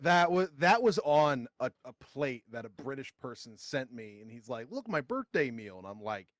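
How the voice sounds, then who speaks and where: A man's voice: mid-range voice, normal speed, dry recording, clean studio sound. A man co-hosting a podcast, telling rambling stories with lots of swearing. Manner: swearing, rambling, animated storytelling. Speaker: podcast co-host. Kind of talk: casual comedic chat.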